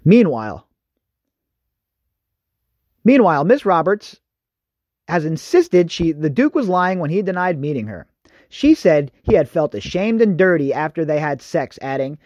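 Indignant high-voiced male podcast host. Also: big pitch swings, unhurried, long pauses, darkish tone, dry recording, dull audio. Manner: indignant, ranting, addresses listeners as folks. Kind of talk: opinionated news commentary.

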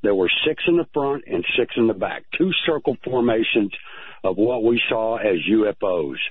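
A man's voice: lowish voice, lively intonation, slightly rough, no room sound. Male caller on a tinny phone line. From United States. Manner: halting, repeats words. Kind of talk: phone-in account.

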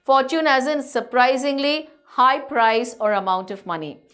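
A woman's voice: high voice, unhurried, a bit bright. A woman, teaching a school chapter in an explanatory way. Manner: explanatory, frequent "you know". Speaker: English teacher.

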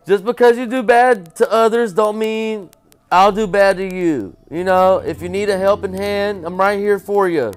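A man playing a horror game, joking and talking to the monster, with low mutters and loud startled yelps. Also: normal speed, smooth, faint music behind. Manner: jokey, talks to the game character, repeats silly chants. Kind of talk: casual let's-play commentary.

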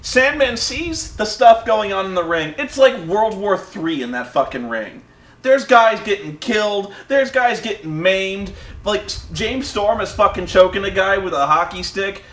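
High bright-voiced man, casual and profane. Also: a little slow, reverberant. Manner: animated, profane, mimics people with loud high voices. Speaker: podcast host. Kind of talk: casual chat.

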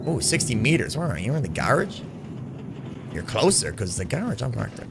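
A British man streaming a shooter game live, excitable and taunting, yelling and laughing as he plays. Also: medium pitch, brisk, creaky, music in the background. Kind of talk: live gameplay commentary.

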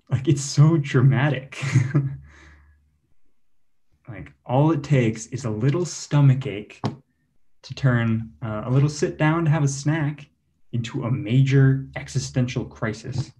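A man's voice: mid-range voice, mellow. A man doing a self-deprecating stand-up set over a video call, laughing at his own jokes. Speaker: stand-up comedy student.

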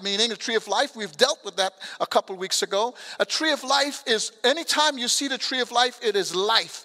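A man with a foreign accent preaches from the pulpit, his voice pitched very high and bright. He calls out to the congregation in a loose, colloquial way. The sound rings with a long church hall reverb. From abroad. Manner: preaching with call-outs to the congregation, colloquial asides. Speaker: pastor. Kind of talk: sermon. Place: church sanctuary.

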